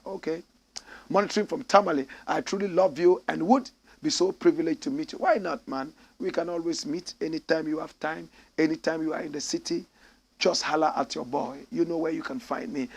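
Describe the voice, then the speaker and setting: A man's voice: a little high, gravelly, slightly rough. A middle-aged Ghanaian man hosting a show, reading out viewer comments with impassioned, swinging delivery. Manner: impassioned, swings between loud declarations and sighing asides.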